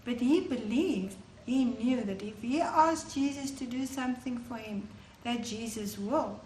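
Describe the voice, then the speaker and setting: A woman tells children a Bible story at an unhurried pace, her voice sitting a little high. She is recorded in a roomy church hall. A faint hum sits underneath. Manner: slow, warm-toned teaching to children.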